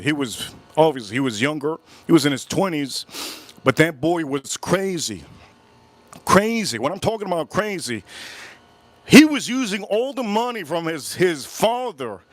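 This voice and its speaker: A man's voice: on the high side, no echo. A man hosting a livestream, telling a long rambling story and repeating himself as he goes. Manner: rambling, repeats himself, animated retelling with quoted voices. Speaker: whiskey channel host. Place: Miami area, USA.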